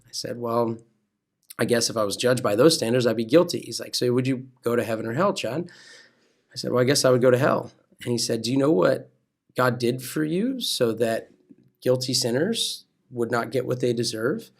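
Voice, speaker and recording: An American man, a pastor and coach, telling a personal faith story in a lively way, acting out quoted dialogue and then preaching. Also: medium pitch, moderate pace, creaky. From California. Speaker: pastor and wrestling coach, guest.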